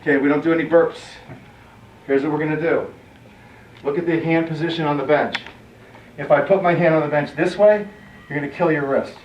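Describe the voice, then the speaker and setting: A man's voice: on the high side, steady tone, brisk, pauses often, a little hiss or hum. A male fitness trainer giving a workout lesson, calling out short commands and counting reps aloud as he demonstrates. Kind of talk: workout instruction. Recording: echoey, distant, dull sound.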